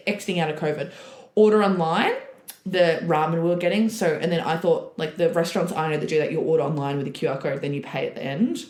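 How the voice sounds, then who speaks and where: A woman's voice: low voice, fairly even intonation, fast, darkish tone. A young woman, a podcast guest, chatting candidly and laughing through her stories. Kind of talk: casual chat. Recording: roomy echoey recording.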